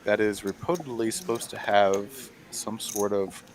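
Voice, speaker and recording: A man doing relaxed live poker commentary, explaining hands with filler words. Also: on the low side, unhurried.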